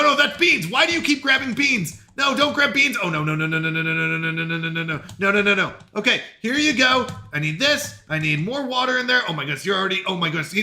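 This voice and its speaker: A man's voice: high-pitched, bright, forceful tone. A man with a Canadian accent, chatting frantically to himself and his stream while playing a game. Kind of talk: live-stream gameplay chat.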